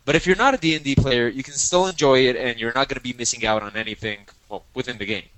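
A man's voice: mid-range voice, fast talker, a bit bright, low-quality recording. A man co-hosting a podcast in casual chat, playful and teasing, often repeating himself. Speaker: podcast co-host.

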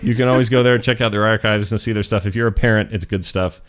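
A man's voice: fairly low pitch, steady tone, fast. A young man hosting a podcast in casual chat, joking and goofy. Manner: joking, goofy, self-mocking. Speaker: podcast host.

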